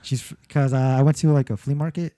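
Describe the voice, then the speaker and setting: In this casual chat, a sports podcast co-host rambles, restarts his thoughts, curses, and cracks himself up. He has a mellow, mid-range voice with a steady tone, speaks quickly, and the recording has no room sound.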